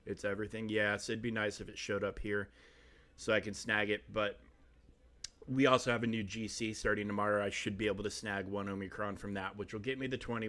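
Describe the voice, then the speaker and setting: A man with a somewhat low voice hosts a casual live game stream. He rambles along, filling pauses with ums and uhs as he thinks aloud. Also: a bit bright. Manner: rambling, chatty, full of fillers. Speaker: streamer host.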